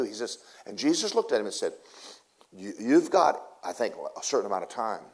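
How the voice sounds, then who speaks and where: A man preaching a sermon in a casual, folksy way, telling a story and swinging between loud bursts and hushed asides. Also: mid-range voice, very animated, brisk.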